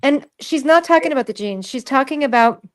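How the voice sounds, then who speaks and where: A woman co-hosting a casual chat, telling animated stories and acting out little scenes. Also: high-pitched, a little fast. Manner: animated storyteller, acts out scenes. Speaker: podcast co-host.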